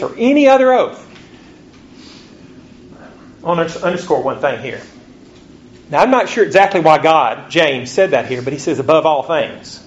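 Male preacher, fairly high voice, slow emphatic scripture reads, dull lo-fi recording. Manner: reads scripture slowly, rising pitch on rhetorical questions. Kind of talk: sermon. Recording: dull lo-fi recording with faint ambience.

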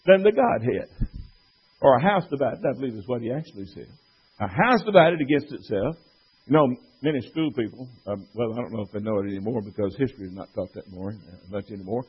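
A man's voice: on the high side, slightly rough. A man teaching from the Bible, making an argument and quoting scripture with rhetorical questions. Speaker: preacher. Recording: dull lo-fi recording.

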